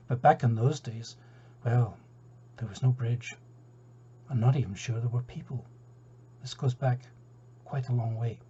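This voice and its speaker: A Scottish man telling a folk tale in a relaxed, chatty way, turning aside to his listeners. His voice is mellow and a little husky, and the recording sounds dull and lo-fi. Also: medium pitch. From Scotland. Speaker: storyteller.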